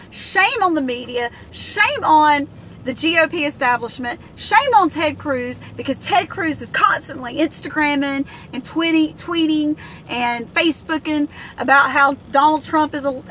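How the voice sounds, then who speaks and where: High, bright, angry American woman ranting. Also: a little hiss or hum. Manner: angry, indignant, with many fillers and restarts. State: livid. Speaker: political vlogger. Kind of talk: impassioned political rant.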